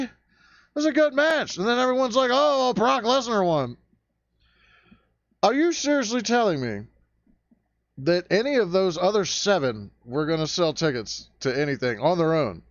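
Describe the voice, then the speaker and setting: A man's voice: sits high, very animated, normal speed, a bit bright, dry recording. A man hosting a profane rant vlog, talking in a crude, sarcastic and fired-up way. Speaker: vlog host ranting. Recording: dull, lo-fi dry recording.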